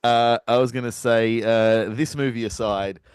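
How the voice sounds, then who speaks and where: A man's voice: mid-range voice, fairly even intonation, moderate pace, clear, resonant tone, dry recording. A man co-hosting a podcast, joking and teasing in casual chat. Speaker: podcast co-host.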